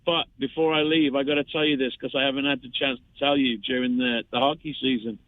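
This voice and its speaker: A man's voice: medium pitch, flat delivery, brisk, no echo. A rambling man in his fifties talks over a thin, tinny telephone line. He stops and restarts his sentences often and fills them with ums. The sound is dry and close, with no room around it. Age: 50s. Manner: rambling, chatty, many restarts and fillers. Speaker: caller. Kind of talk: phone-in chat.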